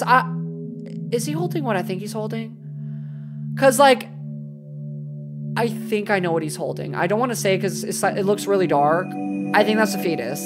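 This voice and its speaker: Animated young woman streamer, swearing. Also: mid-range voice. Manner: animated, swearing, dramatic scared outbursts. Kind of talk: live gameplay commentary.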